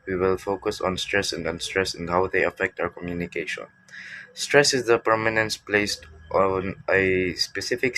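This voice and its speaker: A male teacher with a very low voice gives a lecture. He reads from prepared text and often stops to restart a word. The sound is dry and close, with no room echo. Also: a bit bright. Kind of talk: classroom lecture.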